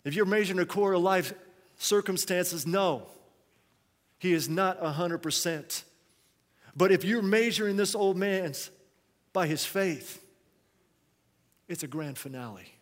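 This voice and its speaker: A male pastor preaching a sermon, swinging between quiet, hushed phrases and loud, raised ones. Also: sits high, unhurried, long pauses, long reverb tail.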